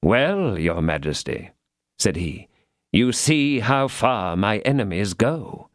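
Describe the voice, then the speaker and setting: Man playing a soft-spoken scheming cardinal. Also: sing-song, dry recording, studio quality. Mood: sly. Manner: low, soft, measured, falsely humble.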